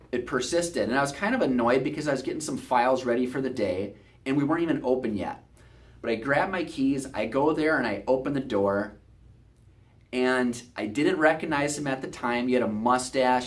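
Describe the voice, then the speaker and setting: A chiropractor telling a patient's story in a promotional video, talking in an earnest, conversational way. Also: male voice, mid-range voice, moderate pace.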